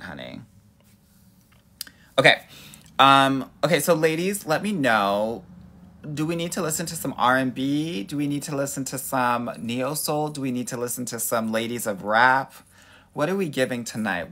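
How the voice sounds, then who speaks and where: A sassy, playful man from Los Angeles hosts a casual live stream as a dating coach. He greets his viewers one by one and keeps calling them honey and girl. His voice sits at a middle pitch for a man. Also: expressive, normal speed, bright, forceful tone. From Los Angeles, USA. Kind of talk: casual live-stream chat reading out comments.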